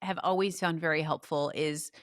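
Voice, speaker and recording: A woman's voice: sits low, fairly even intonation, normal speed, no echo. Upbeat woman co-hosting a podcast, dry sound. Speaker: podcast co-host. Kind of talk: casual podcast chat.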